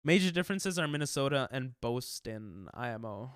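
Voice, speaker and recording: A young man streams a game while sick, coughing between jokes and answers to chat. His voice is smooth and resonant, and his pitch jumps around a lot. It is recorded close and dry. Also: animated, moderate pace, fairly bright tone, dry recording. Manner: casual, jokey, reads and answers chat. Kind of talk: live-stream gaming chat.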